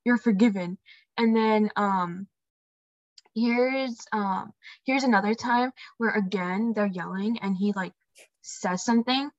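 A woman's voice: medium pitch, slow pace, no echo. A young woman in casual chat, reading out passages from a book between many "um"s and "like"s. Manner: reads quotes aloud, frequent "um" and "like". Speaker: book discussion co-host. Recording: dry, dull lo-fi mic.

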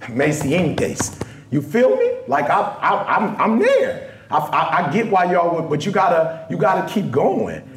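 A man giving a motivational talk to a live audience, animated and repeating "right?" and "you know what I'm saying" often. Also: sits high, normal speed, hardly any pauses, slight background noise. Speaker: guest speaker.

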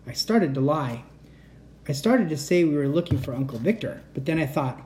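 Animated bedtime storyteller. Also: mid-range voice, normal speed, a little hiss or hum. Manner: animated, expressive reading.

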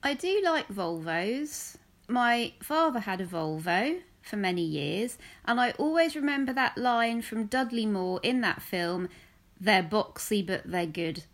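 A woman co-hosting a podcast, teasing her co-host in a deadpan way. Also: a little high, unhurried. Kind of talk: casual banter.

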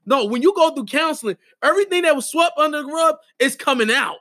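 A middle-aged man with a high voice talks in casual podcast chat. He hammers his points with emphatic, preacher-like repetition. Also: animated, fast, sharp tone. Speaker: podcast co-host and wedding officiant.

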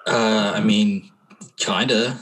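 A man's voice: fairly low pitch, steady tone, takes it slowly, fairly bright tone, slight background noise. A man voicing a nervous young tavern keeper in a tabletop game, talking hesitantly and evasively with many fillers.

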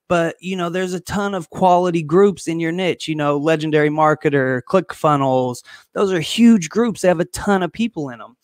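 A man coaching on online business in a casual livestream, excited and quick, with lots of fillers and restarts. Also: on the high side, no echo, studio quality. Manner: excited, fast talker who skips points; filler-heavy, loose and conversational.

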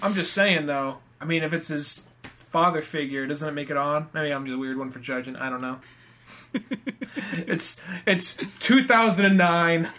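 A man co-hosting a podcast, chatting in a relaxed, joking way with some stumbles. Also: fairly high pitch, normal speed. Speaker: podcast co-host. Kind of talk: casual chat.

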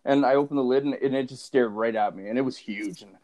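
Man telling a story in halting bursts. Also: mid-range voice, a little mellow. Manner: halting, filler-heavy storytelling. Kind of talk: casual chat.

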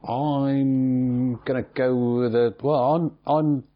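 A man's voice: mid-range voice, slow. A man hosting a casual football predictions chat, steadily going through fixtures and asking his co-host's picks. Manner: steady, runs the fixtures list, asks questions. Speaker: host of football predictions show. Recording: slightly dull lo-fi sound.

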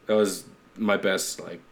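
A Canadian man co-hosting a casual chat, rambling, swearing and laughing as he recommends a show. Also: lowish voice. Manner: rambling, swearing, laughs often, tries silly accents. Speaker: podcast co-host.

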